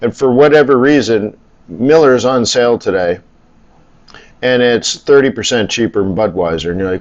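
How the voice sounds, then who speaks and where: A man's voice: medium pitch, moderate pace. Blunt, grumbling middle-aged man, slightly muffled. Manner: rambling, blunt and grumbling, swears casually. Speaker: live stream host, forex trader. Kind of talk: casual live-stream chat. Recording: slightly dull lo-fi audio.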